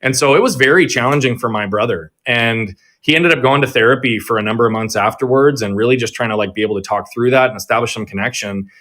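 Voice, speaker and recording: A man's voice: mid-range voice, quick pace, hardly any pauses, a bit bright. Earnest man telling his story as a guest. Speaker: guest, performance coach. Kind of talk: conversational interview.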